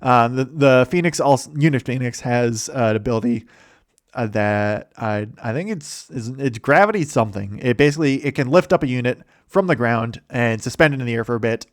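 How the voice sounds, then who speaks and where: A man's voice: mid-range voice, expressive, a little fast, no room sound, clean studio sound. A man hosting a casual summary of a game campaign, rambling with many fillers and self-corrections and chuckling often. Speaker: host.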